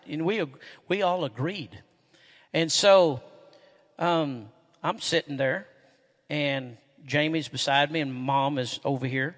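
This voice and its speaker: A middle-aged man, a pastor preaching a sermon in a church and telling folksy stories, getting loud and animated when excited. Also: fairly high pitch, a little slow. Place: church sanctuary. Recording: echoey hall with long reverb.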